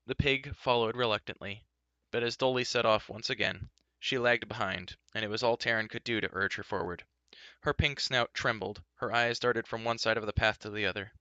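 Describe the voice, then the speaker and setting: A man's voice: fairly even intonation, normal speed, clean tone, no room sound, lo-fi sound. A man reading a fantasy storybook aloud, giving the characters their own voices. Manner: shifts pitch and loudness for each character's lines. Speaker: audiobook reader.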